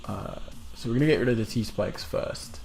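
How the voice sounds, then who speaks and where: A man commentating his own competitive game in a casual, put-on British-sounding accent, swearing now and then with sudden loud outbursts. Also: lowish voice, normal speed, vocal fry, soft background music.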